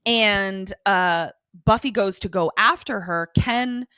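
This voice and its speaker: A woman co-hosting a podcast, recapping an episode in casual, animated chat with profane asides. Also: mid-range voice, slow, clean tone, dry recording. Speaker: podcast co-host.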